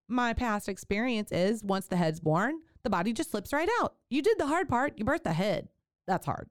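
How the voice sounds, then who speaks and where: A woman podcast host candidly telling a personal story, animated and laughing often. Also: mid-range voice, moderate pace, no echo, studio quality.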